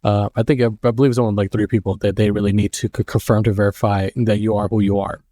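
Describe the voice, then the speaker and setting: A man in his thirties with a dark, low voice gives casual advice, rambling and halting as he goes. The sound is dry and close. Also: little pitch movement, no room sound. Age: 30s. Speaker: mail carrier and vlogger.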